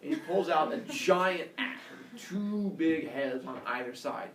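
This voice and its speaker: A man teaching a class, telling a myth in an animated, playful storytelling manner. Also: a little high, unhurried, a little hiss or hum. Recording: echoey classroom from a distance.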